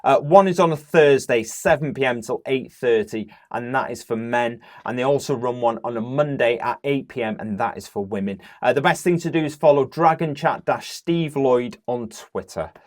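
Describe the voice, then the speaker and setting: A man's voice: mid-range voice, normal speed, hardly any pauses. A middle-aged man co-hosting a casual football podcast. He talks in a chatty, storytelling way, with plenty of "uh" fillers between facts. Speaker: podcast co-host. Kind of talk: casual chat.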